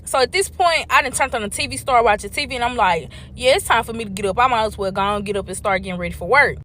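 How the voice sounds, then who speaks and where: A woman telling a personal story to viewers in a casual, animated and profane way. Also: a little high, quick pace, slight background noise.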